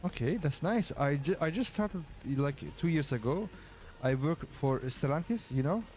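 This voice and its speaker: A man streaming a game and chatting casually in English, his second language, pausing often to search for words. His first language is Kurdish. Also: fairly high pitch, animated, darkish tone, soft background music. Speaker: streamer playing with a teammate. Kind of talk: casual gaming chat.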